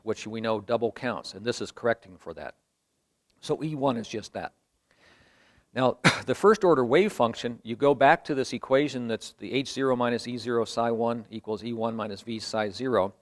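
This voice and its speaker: A man delivering a university lecture in a mid-range voice, walking his listeners through each step with patient explanation. He thinks aloud as he works through the material at the board. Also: medium pitch.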